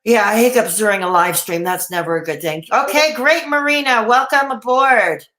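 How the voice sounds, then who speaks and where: A woman's voice: a little high, moderate pace, a bit bright, roomy sound. Rambling woman streamer with hiccups. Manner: rambling, frequent fillers and restarts. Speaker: live stream host. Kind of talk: casual live-stream chat reading viewer comments.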